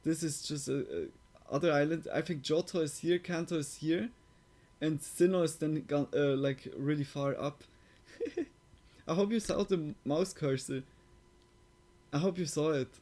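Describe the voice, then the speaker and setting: Man, casual stream reaction, rambling with filler words, fairly high voice, slow and drawn out. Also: darkish tone. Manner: rambling, heavy use of "like" fillers.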